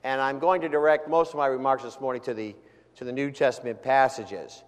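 A man preaching a sermon as pastor, talking conversationally with frequent restarts and rising to emphatic, louder quotes of scripture. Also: mid-range voice, steady tone, a little fast. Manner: frequent restarts and repeated words. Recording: long hall reverb.

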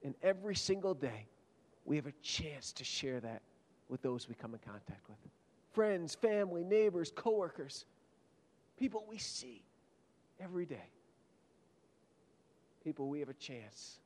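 A man preaching a sermon with dramatic storytelling, swinging between loud emphatic peaks and hushed, almost whispered lines. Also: fairly high pitch, lively intonation, measured pace, pauses often, slight background noise. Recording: long hall reverb.

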